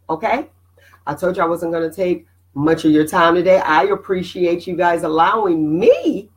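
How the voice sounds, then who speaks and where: A middle-aged woman hosting a casual motivational live stream, animated and preachy, greeting viewers by name. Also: on the low side, poor audio.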